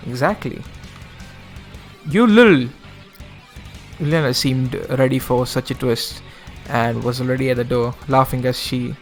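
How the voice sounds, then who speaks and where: Streamer man, gravelly and mid-pitched, reads a game's story aloud, faint music behind. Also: level tone, normal speed, hardly any pauses. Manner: casual asides, self-correcting. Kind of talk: reading a visual novel aloud with commentary.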